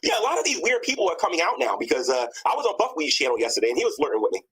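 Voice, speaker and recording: A man's voice: a little high, very animated, racing, a bit bright, slight background noise, rough recording. A man hosting a casual livestream chat on an online call, joking and laughing often.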